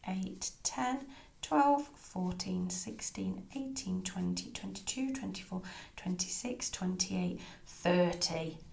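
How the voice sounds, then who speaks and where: Woman, crochet tutor, low gravelly voice, slow, echoey room. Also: a little hiss or hum. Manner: soft and chatty, counting stitches half under her breath. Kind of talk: step-by-step craft tutorial.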